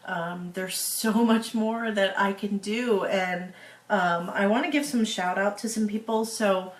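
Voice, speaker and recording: Slow, halting woman in an echoey room. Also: mid-range voice, steady tone. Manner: slow, halting, with many fillers. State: tearful. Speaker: author. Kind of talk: casual video update to followers.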